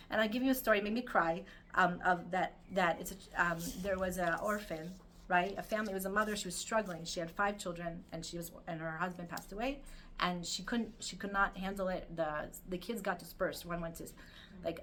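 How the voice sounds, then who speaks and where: A woman's voice: mid-range voice, slight background noise. A middle-aged woman giving a weekly Torah talk, telling stories with feeling and many fillers. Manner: animated, emotional storytelling with many fillers. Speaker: Torah teacher.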